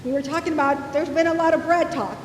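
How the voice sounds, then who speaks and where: A woman's voice: steady tone, quick pace. A woman pastor giving a sermon in a church sanctuary, retelling a scripture story conversationally and acting out the quoted lines. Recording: echoey church hall with faint rumble.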